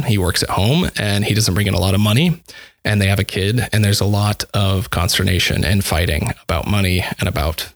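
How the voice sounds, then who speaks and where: Male, conversational storyteller, low-leaning voice, dry close sound, halting delivery full of repeats. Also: fairly bright tone, dry recording. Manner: halting, repeats words and restarts often. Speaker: composer describing his dissertation project.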